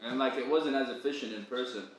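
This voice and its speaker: In a very echoey space with faint background noise, a young podcast co-host spins stories casually, heavy on slang, laughter and "bro." He speaks quickly in a mid-range voice.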